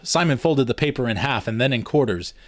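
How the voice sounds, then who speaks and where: Man, story narration, wry, expressive, lively inflection, dry close mic. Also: medium pitch, brisk, no echo. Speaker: reader.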